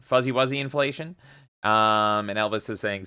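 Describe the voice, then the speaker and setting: A man's voice: fairly low pitch, a little fast, pushed and bright, clear, resonant tone. Male stream host, laid-back, reads chat aloud, swears casually. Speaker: livestream host.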